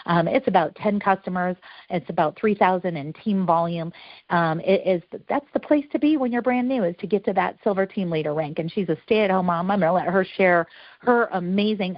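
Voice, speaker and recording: Woman host, chatty and upbeat, lower voice, lo-fi dry call audio. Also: dry recording. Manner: enthusiastic, chatty. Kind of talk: upbeat sales call hosting.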